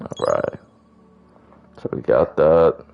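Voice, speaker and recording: Calm, very deep-voiced man. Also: takes it slowly, dull audio. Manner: calm, laid-back, gently teasing. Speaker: gaming channel co-host. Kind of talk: casual let's-play chat.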